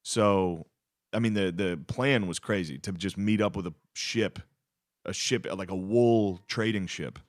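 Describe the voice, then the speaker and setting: Low chill young guy from pennsylvania, swears a lot, telling a story, dry close mic. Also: unhurried, no room sound. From Pennsylvania, United States. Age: young adult. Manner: laid-back, profane, many fillers. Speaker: storyteller on a history podcast. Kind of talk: casual crude podcast chat.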